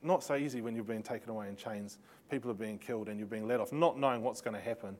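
A man with a lowish voice teaches a Bible lesson with slides, talking fast and telling the story vividly with sarcastic remarks and laughing asides. There is slight background noise.

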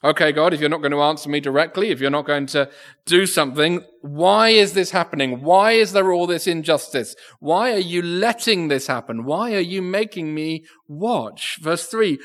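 A man's voice: on the high side, normal speed, fairly bright tone. A man preaching a sermon in a church, earnest, often repeating words as he thinks aloud. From England. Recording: echoey church with long reverb.

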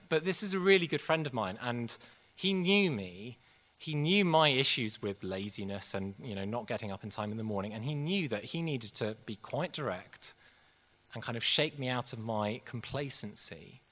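A man's voice: on the low side, normal speed, pushed and bright. A man preaching a sermon in an earnest, conversational way. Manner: conversational, earnest, acts out quotes. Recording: long hall reverb.

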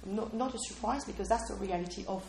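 A woman's voice: medium pitch, fast talker, vocal fry, a little mellow, reverberant, a little hiss or hum. A woman preaching a sermon in a conversational way, often checking in with listeners and asking them questions. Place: room with a small responding audience.

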